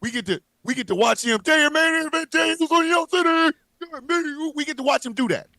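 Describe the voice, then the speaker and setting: A man's voice: very high-pitched, brisk, gravelly, sharp tone, no room sound. A man co-hosting a livestream, ranting angrily and profanely with lots of repetition. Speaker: co-host. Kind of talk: heated livestream rant.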